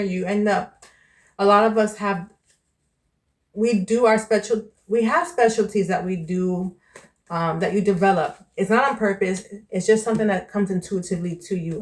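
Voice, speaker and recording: A New York woman who vlogs and reads tarot talks candidly and casually to the camera, calling the viewer "child" and "baby". Her voice is medium-pitched.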